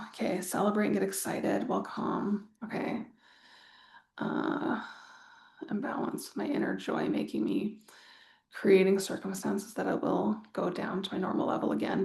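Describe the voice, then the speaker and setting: Speaking unhurriedly with vocal fry, a woman leads a group in a live online wealth masterclass; her pitch is medium and her tone level. The sound is roomy, and her casual, rambling delivery is dotted with sighs and a swear word here and there.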